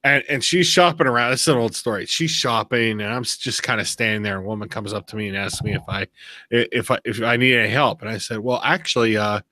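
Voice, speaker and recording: A man hosting a podcast, chatting casually and telling stories with animated swearing. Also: medium pitch, quick pace, no room sound. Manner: animated storyteller, swears freely. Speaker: podcast host. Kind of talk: casual chat.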